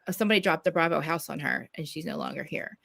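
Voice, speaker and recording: A quick-talking woman, loud and blunt, swearing freely as she hosts a casual podcast. Her voice has a gravelly edge and sits close and dry on the mic. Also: deep voice, no echo. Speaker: podcast host. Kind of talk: casual live podcast chat.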